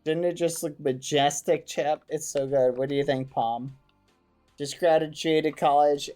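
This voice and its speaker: A man streaming a game, chatting casually and excitedly with his viewers and using wholesome exclamations instead of swearing. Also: fairly high pitch, a little slow, faint music behind. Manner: excitable, talks to his chat. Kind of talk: casual gaming livestream chat.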